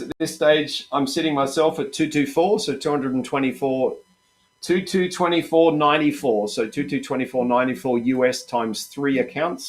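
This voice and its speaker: A man hosting a live trading session, chatty and upbeat, repeatedly calling his viewers "guys". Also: medium pitch. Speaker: trading coach and host.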